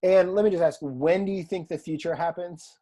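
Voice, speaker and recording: A man teaching a recorded online language lesson in a relaxed, chatty way, with fillers and asides, from a room at home. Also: high-pitched, a little fast. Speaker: Greek teacher.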